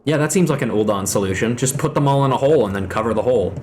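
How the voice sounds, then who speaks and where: Animated, wry man hosting. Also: medium pitch, racing. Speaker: host. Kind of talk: casual game commentary with friends.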